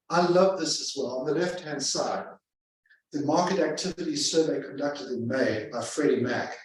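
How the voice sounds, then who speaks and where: A man's voice: medium pitch, slight background noise. A man giving a live seminar to a room of real estate agents as a sales trainer, emphatic and fond of repeating phrases for effect. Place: large room with a live audience. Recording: echoey room from a distance.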